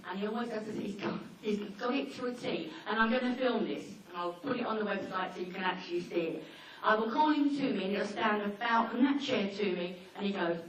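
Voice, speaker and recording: A woman talking informally to a seminar audience about dogs, chatty and anecdotal, slipping into quick acted-out asides. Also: mid-range voice. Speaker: dog behaviour trainer giving a seminar. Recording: echoey hall, mic far off, faint noise.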